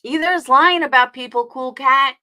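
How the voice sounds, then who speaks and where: A high, bright woman's voice with a New York accent, heated and confrontational as she rants on a live stream. She swears hard and fires back at people in her chat, one retort after another. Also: normal speed. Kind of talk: angry live-stream rant.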